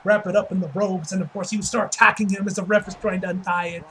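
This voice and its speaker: High-voiced excitable man rambling casually. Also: quick pace. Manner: excitable, profane, heavy use of "like". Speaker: wrestling reviewer. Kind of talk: casual video review.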